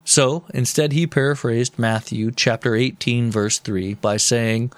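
A man hosting a comedy history podcast, spinning the tale with a jokey, mock-serious edge and some swearing. His voice sits at an ordinary middle pitch. The sound is dry and close, with no room around it. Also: steady tone, measured pace, hardly any pauses, no room sound. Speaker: podcast co-host.

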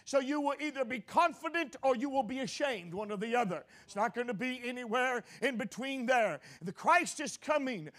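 A man with a notably high voice delivers an expository sermon. He pauses often on "uh" and corrects himself mid-word. He hammers his points home with repeated phrases. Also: lively intonation. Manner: frequent "uh" fillers and self-corrections; emphatic repetition, rising to forceful declarations. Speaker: preacher.

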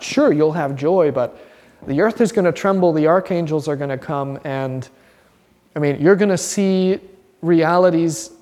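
In a long, ringing hall reverb, a man with a slightly high voice leads an informal Bible class. Earnest and animated, he acts out small quotes and restarts sentences as he talks.

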